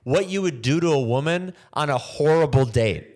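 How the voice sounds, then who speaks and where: A man's voice: a little high, normal speed. A man hosting a comedy podcast, riffing jokingly and acting out little bits in other voices. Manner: animated, jokey, acts out bits in other voices. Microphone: camera mic without a boom arm.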